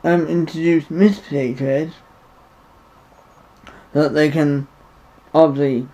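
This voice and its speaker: A man's voice: a little high, fairly even intonation, slow pace, warm tone. A man giving a rambling, indignant opinion monologue to camera. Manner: rambling, repeats himself, indignant. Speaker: vlogger. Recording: dull lo-fi recording.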